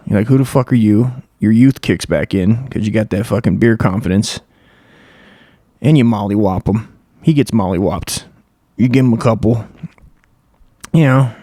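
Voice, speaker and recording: A man's voice: on the low side, moderate pace, pauses often, dark tone, no room sound, studio quality. A man hosting a comedy show, riffing crudely in a rambling profane monologue. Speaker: comedy podcast host.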